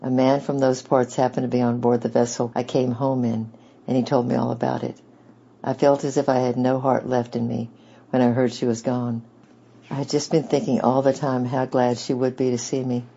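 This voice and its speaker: A man voicing a weathered sailor father who is quiet and sorrowful, speaking in a subdued, husky way. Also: medium pitch, flat delivery, normal speed. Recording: dull lo-fi recording.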